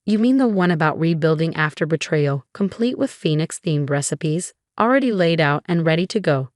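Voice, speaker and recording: A woman's voice: deep voice, expressive, normal speed, a little mellow, no room sound, studio quality. Woman narrator reading an eager woman publisher. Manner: eager, enthusiastic. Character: upbeat woman book publisher.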